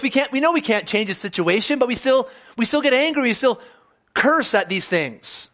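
A man with a notably high voice delivers a sermon as a pastor. He speaks earnestly, often doubling words and restarting phrases as he drives his points home. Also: a bit bright.

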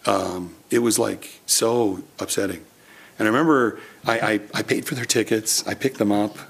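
A man's voice: lowish voice, moderate pace, vocal fry, a bit bright, slightly rough. Earnest young man preaching a sermon. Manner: personal storytelling, earnest, with many restarts.

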